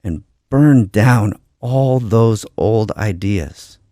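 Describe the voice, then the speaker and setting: A man's voice: on the low side, very slow, warm tone, no echo, clean studio sound. A man speaking as a radio host, giving an earnest, heartfelt on-air message.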